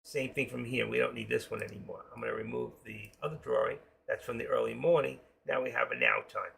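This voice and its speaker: A man's voice: medium pitch, fast, creaky, a bit bright, slight background noise. An older man with a New York accent and a trace of Florida, chatting casually with viewers while hosting a live trading stream from home.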